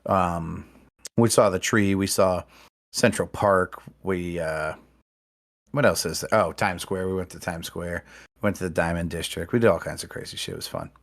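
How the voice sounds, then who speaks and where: A man's voice: low voice, moderate pace. A man hosting a podcast, telling stories in casual chat and swearing freely. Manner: storytelling with heavy profanity. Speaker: podcast host.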